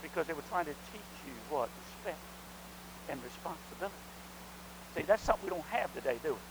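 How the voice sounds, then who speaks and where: Higher-voiced middle-aged man preaching. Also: lively intonation, fast, background noise. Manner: preaching with rhetorical questions and calls of amen. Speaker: pastor. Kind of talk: sermon.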